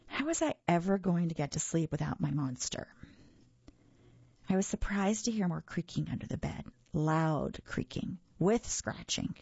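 A woman reading a children's story aloud with lively expression. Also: fairly low pitch, moderate pace, creaky, slightly rough, no room sound, dull audio.

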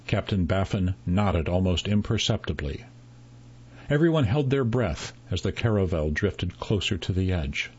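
A man reading a story aloud in a measured, unhurried narration, voicing the characters' dialogue. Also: low voice, expressive, breathy edge, highs cut off.

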